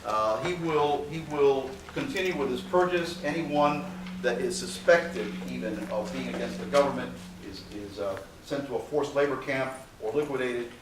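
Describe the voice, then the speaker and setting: A man's voice: mid-range voice, normal speed, hardly any pauses. A man giving a university history lecture in a conversational way, with frequent "okay" fillers and dry sarcastic asides. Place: lecture hall. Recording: very echoey hall, far from mic, faint hiss.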